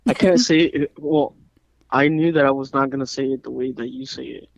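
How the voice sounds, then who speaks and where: Gravelly man chatting casually, dull dry mic. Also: mid-range voice, a little fast, no echo. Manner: relaxed, laughs easily, short backchannels. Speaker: podcast co-host. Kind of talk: casual chat.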